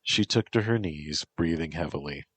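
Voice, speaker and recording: A man narrating a story in a slow, measured reading voice with a husky tone. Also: rumbling low, fairly bright tone, no echo.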